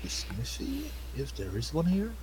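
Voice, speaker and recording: A man at a tabletop game who talks casually through his character's plans, mid-pitched with a faint hiss behind him. He hedges with small fillers as he thinks. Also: big pitch swings, normal speed. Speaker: player.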